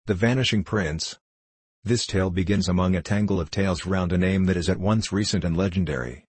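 Low, husky male audiobook narrator. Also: fast talker, a little mellow, no room sound. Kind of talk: scripted narration.

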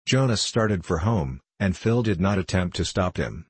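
A man's voice: low voice, lively intonation, normal speed, slight background noise. A man reading a novel aloud as an audiobook narrator, voicing the characters with little change.

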